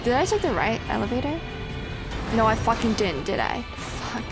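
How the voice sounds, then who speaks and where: A woman's voice: on the high side, big pitch swings, moderate pace. A woman streaming a video game, chatting casually, bluntly and self-deprecatingly, swearing often. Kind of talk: casual gameplay commentary. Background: game music.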